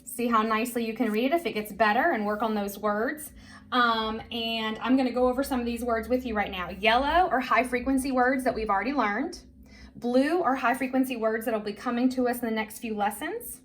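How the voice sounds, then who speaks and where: A woman's voice: fairly high pitch, fairly quick, a bit bright. A woman teacher leading a children's reading lesson, patient and encouraging, spelling words out letter by letter.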